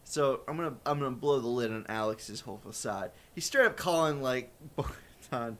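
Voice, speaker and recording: A man's voice: mid-range voice, moderate pace. A man co-hosting a casual podcast, bantering and swearing freely. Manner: lively, swearing, laughing banter. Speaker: podcast co-host. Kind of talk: casual chat.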